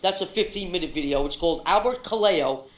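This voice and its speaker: Man, high lively voice, rambling, swearing, echoey room. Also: brisk, slight background noise. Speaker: interviewee and video poster. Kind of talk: agitated storytelling with replayed rant.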